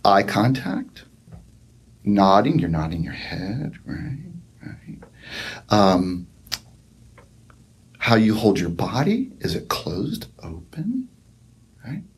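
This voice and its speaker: Slow, husky-voiced man telling stories. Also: fairly low pitch, very animated. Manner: slow, reflective, warm storytelling with frequent "right?" and "um". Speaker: psychotherapist guest. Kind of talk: conversational podcast interview.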